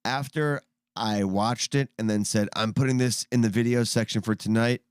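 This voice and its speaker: A man's voice: medium pitch, steady tone, moderate pace, smooth, no room sound, clean studio sound. A man hosting a casual chat show, rambling and often putting on mocking voices. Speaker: podcast host.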